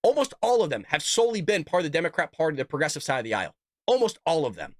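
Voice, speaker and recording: A man's voice: on the high side, very animated, rapid-fire, no room sound, studio quality. A man hosting a political commentary show, combative and emphatic, talking straight to his viewers and reading out quotes. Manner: reads out quotes and tweets.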